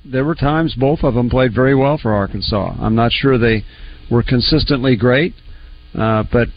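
A man's voice: mid-range voice, moderate pace. A man co-hosting a sports radio show, talking in an easygoing way and thinking aloud. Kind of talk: casual sports radio talk. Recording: muffled studio audio with faint noise.

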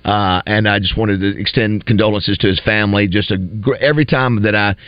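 Male morning radio host, casual and rambling, middle pitch, dull dry studio sound. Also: steady tone, a little fast, no room sound. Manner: rambling, restarts, lists names with rising emphasis.

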